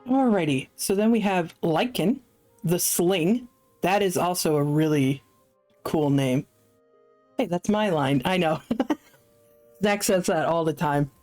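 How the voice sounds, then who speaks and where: Woman streamer, lowish voice, unhurried, chatty and self-deprecating, soft music under her. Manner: chatty, self-deprecating, thinks aloud with fillers. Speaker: streamer playing a solo tabletop game. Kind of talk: casual live-stream chat.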